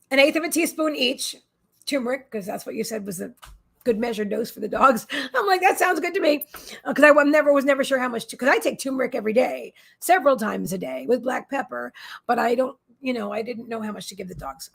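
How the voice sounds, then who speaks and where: A woman's voice: a little high, gravelly, breathy edge. A woman hosting a psychic live stream from her desk at home, chatting in a meandering way and often talking to her pets. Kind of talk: casual chat on a live stream.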